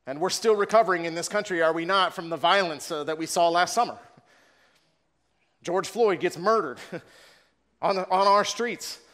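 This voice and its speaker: A man preaching in a big, echoing hall, his voice sitting a touch high for a man. He talks earnestly, stumbling over repeated words as he builds his point. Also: moderate pace, long pauses, fairly bright tone. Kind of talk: sermon. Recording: long reverb of a large room.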